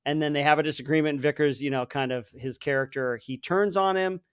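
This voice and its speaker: Man, podcast co-host, casual rambling chat, fairly high voice, dry close recording. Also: fast talker, smooth, dry recording. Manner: rambling, animated retelling with filler words.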